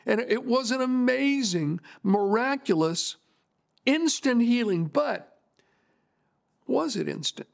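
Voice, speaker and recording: Gravelly high-voiced male preacher. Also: lively intonation, slow, long pauses. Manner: repeats phrases for emphasis. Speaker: pastor. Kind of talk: storytelling sermon.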